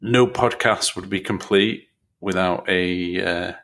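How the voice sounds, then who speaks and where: A man co-hosting a podcast in casual chat, relaxed and chuckling between phrases. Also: deep voice, slow, creaky. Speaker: podcast co-host.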